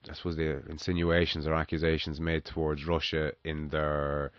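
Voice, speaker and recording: A man with a very deep, low voice talks casually and swears freely in a podcast chat. He explains his points with everyday examples. The sound is dull and dry. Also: completely flat delivery, normal speed, dry recording.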